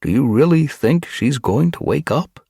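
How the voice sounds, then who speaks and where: A man's voice: expressive, unhurried, gravelly, dark tone, husky, dry recording, clean studio sound, heavily acted. A man voicing a nervous, gloomy tom cat. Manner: anxious and pleading, pitch raised.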